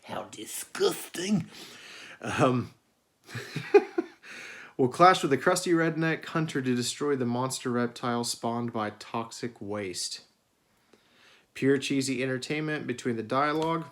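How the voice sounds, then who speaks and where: A man's voice: mid-range voice, moderate pace, fairly bright tone. Rambling, swearing man reviewing movies. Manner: rambling, profane, many fillers. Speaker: video host. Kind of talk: casual collection review.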